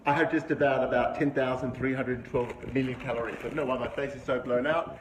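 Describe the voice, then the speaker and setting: A man's voice: mid-range voice, fairly even intonation, fast. A middle-aged man hosting a live-streamed vlog from an indoor room, talking enthusiastically and greeting his viewers by name. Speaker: livestream host. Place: indoor room with a window view. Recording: noisy livestream audio.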